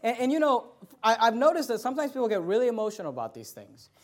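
A man's voice: extremely high pitch, wildly swooping pitch, fast talker. A man preaching a sermon as a pastor, in an emphatic, conversational way with frequent restarts.

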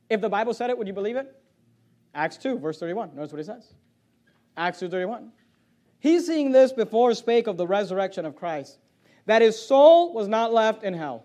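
A man preaching a sermon, reading scripture aloud with loud swells and sudden drops. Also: sits high, big pitch swings, moderate pace. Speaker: pastor.

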